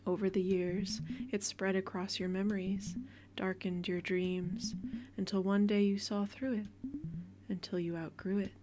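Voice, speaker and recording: A woman game streamer reading the narration of a story game aloud in a soft, unhurried way. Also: medium pitch, level tone, noisy background.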